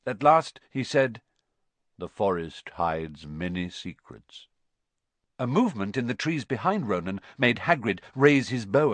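A man narrating an audiobook in a steady storytelling manner. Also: mid-range voice, no room sound. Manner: steady storytelling with lively intonation.

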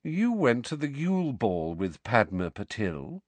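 A man voicing a dreamy, odd teenage schoolgirl in a storybook, soft, vague and matter-of-fact. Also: mid-range voice, very animated, measured pace, no echo.

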